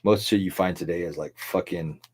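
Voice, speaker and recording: Rambling, tipsy middle-aged man, low voice. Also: steady tone, a little fast, darkish tone. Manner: rambling, profane, laughing often. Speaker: livestream host. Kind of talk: rambling drunken monologue.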